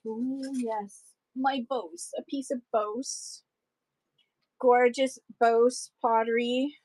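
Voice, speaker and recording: A woman's voice: fairly high pitch, steady tone, very slow, darkish tone, no room sound, rough recording. A woman chatting casually and enthusiastically as she sells vintage items on a live stream, rambling between pieces. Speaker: live-stream online seller. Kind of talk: casual live-selling chat.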